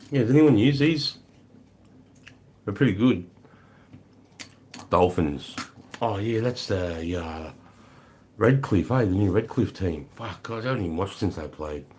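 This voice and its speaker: A relaxed Australian man with a very deep, low voice chats through a livestream. He greets viewers by name, calls them mate and brother, and swears casually. He sounds easygoing and unhurried. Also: breathy edge. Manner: swears freely, laid-back, greets chatters as mate and brother. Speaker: livestream host. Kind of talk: casual livestream chat reading comments.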